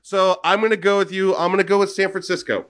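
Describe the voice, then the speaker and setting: A man's voice: high voice, flat delivery, quick pace, fairly bright tone. A man hosting a podcast, chatting casually about football picks in a rambling, joking way that often interrupts itself. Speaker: podcast host. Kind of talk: casual sports chat.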